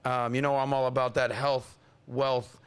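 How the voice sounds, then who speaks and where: A man hosting a podcast, energetic and playful, hyping up the audience and teasing his co-host. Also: mid-range voice, moderate pace, clear, resonant tone. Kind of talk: hyped-up casual podcast hosting.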